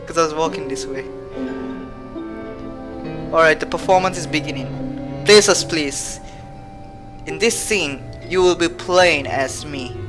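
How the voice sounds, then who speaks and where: A woman's voice: low-pitched, unhurried, pauses often, music in the background. A woman streaming a game live, chatting playfully, humming and reading the game's text aloud. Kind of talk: live let's-play commentary.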